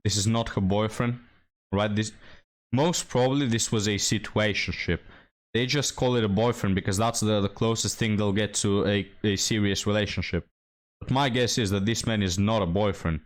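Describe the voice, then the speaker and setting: A man's voice: lowish voice, moderate pace. A man hosting a reaction commentary, speaking bluntly and addressing his viewers directly. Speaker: commentary channel host.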